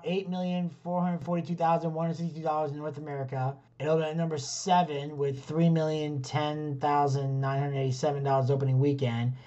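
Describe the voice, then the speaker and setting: A man's voice: fairly high pitch, little pitch movement, fairly quick, few pauses, mellow. A man co-hosting a casual podcast. He rambles, swears freely and reads off film trivia. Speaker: podcast co-host. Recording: dull lo-fi audio.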